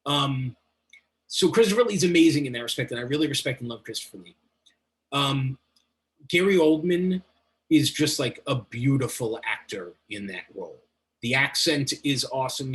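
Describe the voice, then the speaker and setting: Chatty, swearing male guest, mid-pitched voice, runs on with excitement. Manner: rambling, enthusiastic, swears freely. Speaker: guest, metal journalist. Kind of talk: casual interview talk.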